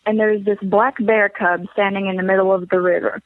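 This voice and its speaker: An earnest teenage girl calls in to a podcast and tells her story in a plain, chatty way. Her voice is middle-pitched and comes through a dull, lo-fi call line. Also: little pitch movement, brisk, heavy background noise. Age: teens. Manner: earnest, uses "like" a lot. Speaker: caller. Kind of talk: telling a story on a call-in show.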